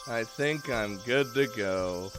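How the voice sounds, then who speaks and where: A man's voice: mid-range voice, slow pace, over music. A man streaming a game live, rambling and laughing often, casually swearing, just woken up and yawning.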